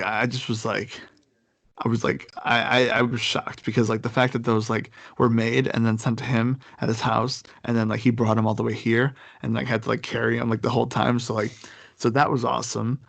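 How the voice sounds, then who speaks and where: This young man has a gravelly, fry-edged voice and sits close to a dry, dead-sounding mic. He tells his story in loose casual chat, rambling and circling back with fillers and restarts. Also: medium pitch, steady tone, moderate pace, no echo.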